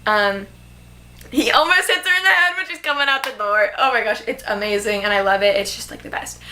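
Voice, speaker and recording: A young woman vlogger reviews a movie casually in a fairly high, pushed, bright voice. She gushes about it and fills her talk with "like."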